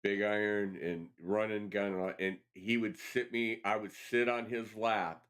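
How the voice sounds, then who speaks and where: A man hosting a casual after-show chat, telling stories in a lively way and swearing freely. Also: fairly low pitch, unhurried. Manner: animated storyteller, swears freely. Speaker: show host.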